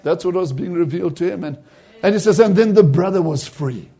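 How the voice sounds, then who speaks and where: A man's voice: sits high, brisk, crowd noise. A man preaching a sermon, retelling a vision and acting out the voices in it with rising emphasis.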